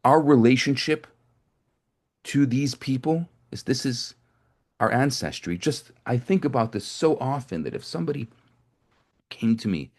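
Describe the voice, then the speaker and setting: A man of middle pitch speaks as a rabbi teaching a group. He tells stories casually, circling back and repeating words as he builds his point. The tone is that of a spoken sermon, not a reading. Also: a little mellow. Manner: conversational, with frequent restarts and repetitions. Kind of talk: storytelling sermon to a live group.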